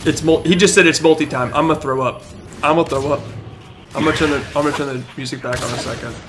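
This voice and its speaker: A young man streaming a shooter game, excitedly narrating, shouting and laughing as he repeats himself. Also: fairly high pitch, fast, background noise. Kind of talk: excited gaming stream commentary.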